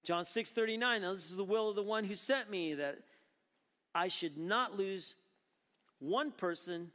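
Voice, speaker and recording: A man's voice: sits high, a little slow, a bit bright, in a large hall. A man preaching a sermon as pastor, conversational and then rising to emphatic questions.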